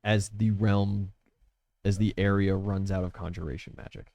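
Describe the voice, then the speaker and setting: A man's voice: deep voice, flat delivery, moderate pace, vocal fry, mellow, highs cut off, slight background noise. A young man running a tabletop game as game master, narrating scenes in a casual, descriptive way.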